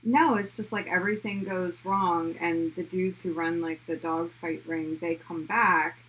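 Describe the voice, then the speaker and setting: Very low-voiced woman chatting casually. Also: fairly even intonation, a little slow, fairly bright tone, slight background noise, poor audio. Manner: chatty, fills with "like" often. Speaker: livestream co-host. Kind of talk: casual chat.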